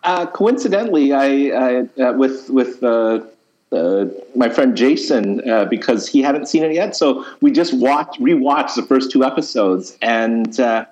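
A man's voice: mid-range voice, expressive, unhurried, a little mellow, lo-fi sound. A man hosting a podcast from a studio, chatting in an easygoing way with hesitant fillers. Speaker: podcast host. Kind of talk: casual chat. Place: studio lounge.

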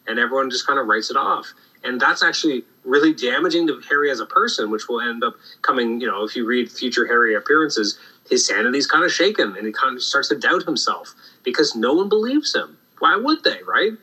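A man hosting a casual podcast chat about comic books, animated and full of restarts. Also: medium pitch, brisk, husky, low-quality recording. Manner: animated, acts out quoted lines, many restarts. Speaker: podcast host. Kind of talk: casual comic book discussion.

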